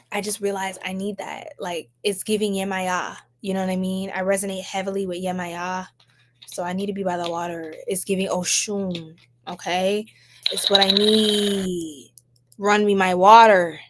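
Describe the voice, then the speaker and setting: A young woman from New York with a New York accent, chatting casually and animatedly with her livestream audience in slangy, laugh-filled talk. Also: medium pitch. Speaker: tarot reader livestream host.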